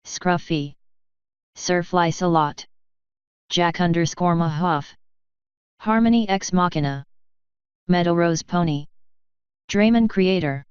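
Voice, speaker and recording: A woman reads out a long list of names in a slow, even cadence, her voice smooth and resonant and a little low for a woman. The recording is dry and dull. She sounds like the regular reader of a fanfiction audio channel. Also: dry recording. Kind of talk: reading a list of supporter names.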